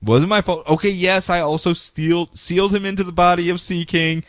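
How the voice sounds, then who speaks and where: A man's voice: sits high, steady tone, normal speed, a bit bright, no room sound, clean studio sound, voice pushed up. A man doing a griping cynical sorcerer. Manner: griping, complaining. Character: grumbling cynical male sorcerer, whiny and sarcastic.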